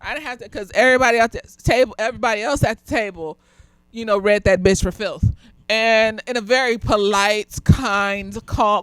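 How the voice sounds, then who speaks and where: A slightly tipsy woman, a therapist, reviewing a TV episode in blunt, profane casual talk, laughing often and swinging from loud outbursts to quiet muttering. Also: fairly high pitch, normal speed, poor audio. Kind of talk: casual commentary vlog.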